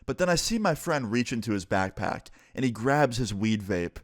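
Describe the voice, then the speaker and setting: A man's voice: medium pitch, sing-song, normal speed, no echo, clean studio sound. A young man telling a story in a vlog, talking casually and swearing freely. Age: young adult.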